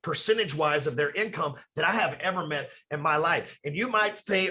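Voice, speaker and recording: A man's voice: on the high side, a little fast, pushed and bright. A man talking as a podcast guest from his office, emphatic and rambling, with plenty of swearing. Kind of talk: casual podcast conversation.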